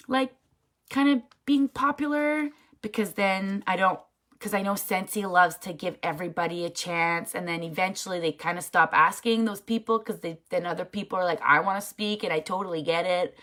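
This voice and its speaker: A woman's voice: medium pitch, normal speed, fairly bright tone. Frank, chatty woman coaching her sales team, emphatic and casual, mid-range voice. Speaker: network marketing team leader. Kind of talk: casual motivational talk.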